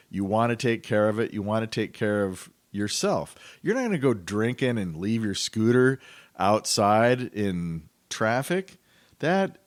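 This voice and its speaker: A man hosting a podcast, ranting in a casual, animated and incredulous way, his pitch jumping up as he gets worked up. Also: no echo, clean studio sound. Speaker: podcast host.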